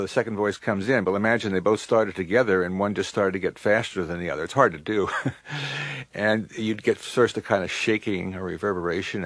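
A man in his sixties answering interview questions about his work, reflective and unhurried, pausing often. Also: deep voice, a bit bright, dry recording. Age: 60s. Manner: reflective, many pauses and uh fillers. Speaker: composer, interview guest.

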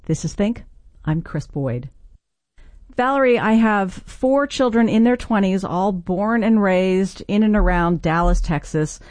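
A middle-aged woman hosting a public radio interview, asking measured questions and reading scripted introductions. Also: mid-range voice, expressive, a little mellow, no echo. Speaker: radio show host.

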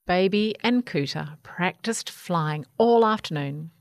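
Woman narrator for a children's storybook, unhurried and animated, dry sound. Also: lowish voice, gravelly, no room sound. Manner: expressive, slow, animated. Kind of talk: children's picture book read aloud.

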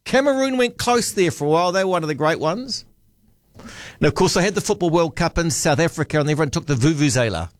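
A man's voice: fairly high pitch, expressive, fast, dry recording, studio quality. A man hosting a radio phone-in, chatting and musing aloud. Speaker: radio host. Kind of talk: casual radio chat.

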